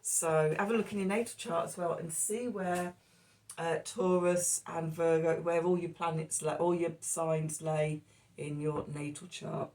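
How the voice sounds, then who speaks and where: A woman with a low, unhurried voice talks through the day's astrology and tarot, losing her thread often and filling gaps with ums. A cough keeps catching her, and she sits a little back from the microphone. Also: steady tone, darkish tone, distant mic. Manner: rambling, self-interrupting, with fillers. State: coughing, hoarse. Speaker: tarot reader. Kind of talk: casual astrology and tarot talk.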